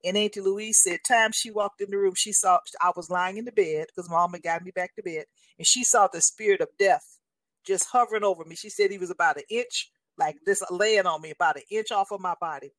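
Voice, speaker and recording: A woman's voice: mid-range voice, a little fast, fairly bright tone, dry recording. A woman in her sixties telling a personal faith testimony in an earnest, storytelling way, often passing on what others told her. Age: 60s. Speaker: guest sharing a testimony.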